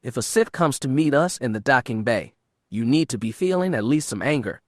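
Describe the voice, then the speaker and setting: A man voicing a scheming female Sith dark lord in an audiobook, purring and taunting. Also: mid-range voice, animated, fairly quick, dry recording, studio quality, close to an everyday voice.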